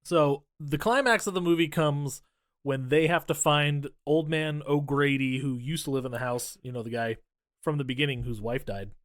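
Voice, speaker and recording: A podcast co-host recaps a horror movie in loose, profane, sardonic banter, slipping into quick voices for the characters. His voice is on the high side. The recording is clean studio sound with no echo.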